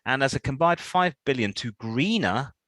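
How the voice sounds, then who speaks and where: Male co-host, sardonic news banter, animated swings in pitch, dry close recording. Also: moderate pace, dry recording, low-quality recording. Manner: sardonic, laughing, reads news items aloud with mocking asides. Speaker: podcast co-host. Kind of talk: casual banter reading news.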